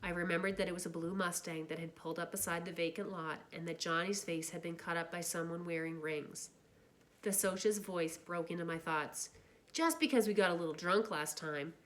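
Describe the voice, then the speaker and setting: Woman, low-pitched, steady novel reading, plain narration. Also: a little fast. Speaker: reader.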